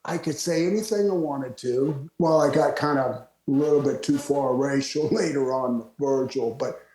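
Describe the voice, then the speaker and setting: An older man from Florida, a retired wrestler, telling lively stories as a guest and laughing often. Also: mid-range voice, normal speed. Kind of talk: storytelling interview. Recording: roomy echo.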